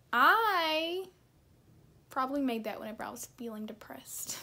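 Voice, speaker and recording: A woman's voice: high-pitched, animated, a little slow, sharp tone, slight background noise. A young woman vlogger chatting casually and self-deprecatingly, with lots of fillers as she reacts to her posts.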